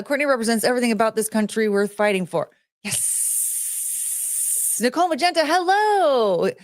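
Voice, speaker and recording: A woman streamer in casual chat, greeting viewers by name and rambling with giggles, fillers and restarts, jumping between high excited greetings and low mumbled asides. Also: dry recording, clean studio sound. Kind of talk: casual chat reading out chat names.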